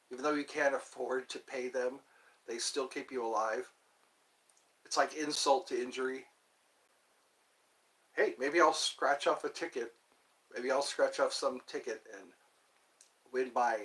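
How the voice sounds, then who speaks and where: Rambling male streamer, bright tone, wry and self-mocking, mid-pitched. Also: poor audio. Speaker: livestreamer. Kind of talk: casual livestream monologue.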